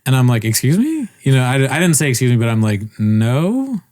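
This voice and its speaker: A man on a casual podcast telling a story with animated, swearing delivery, laughing often and acting out the people he quotes. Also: mid-range voice, fairly quick. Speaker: podcast co-host. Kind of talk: casual chat.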